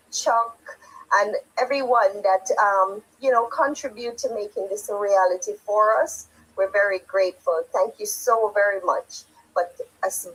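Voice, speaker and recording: A woman moderating a live stream, soft-spoken and grateful in casual chat. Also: mid-range voice, slightly rough, rough recording.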